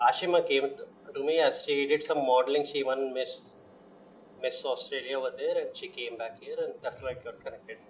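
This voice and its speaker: A man's voice: mid-range voice, quick pace, slight background noise, poor audio. A man with an Indian English accent, a film director, giving short, plain interview answers and switching into Telugu.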